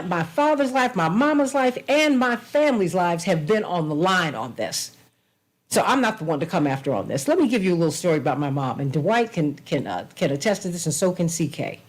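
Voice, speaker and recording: A woman host delivers political commentary with fervor, her fairly low voice swinging widely in pitch. She talks like a preacher, calling on her listeners by name and driving her points home. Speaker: talk show host. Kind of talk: political talk show commentary.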